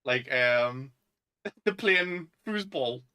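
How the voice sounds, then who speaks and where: Chatty Northern English young man, bright. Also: mid-range voice, animated, drawn-out words, smooth, rough recording. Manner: rambling, lots of "um" and "like". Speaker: podcast co-host. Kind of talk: casual chat.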